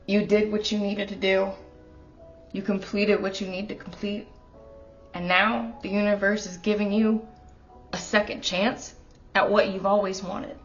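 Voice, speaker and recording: A woman's voice: mid-range voice, muffled recording. A woman giving a casual tarot reading at home, talking straight to the viewer in an earnest, emotional way. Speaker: tarot reader. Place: her apartment.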